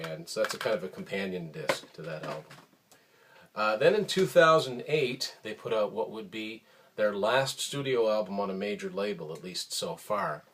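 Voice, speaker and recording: Low-voiced man showing his CD collection. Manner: relaxed, rambling, many ums and uhs. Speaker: host of a record collection show. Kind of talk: casual show-and-tell talk.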